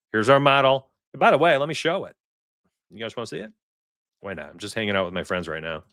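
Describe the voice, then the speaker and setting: Brief: forties male stream host, chatty and excitable, dry close sound. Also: mid-range voice, dry recording. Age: 40s. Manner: excitable, chatty, laughs often. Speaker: sports betting livestream host. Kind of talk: casual livestream chat.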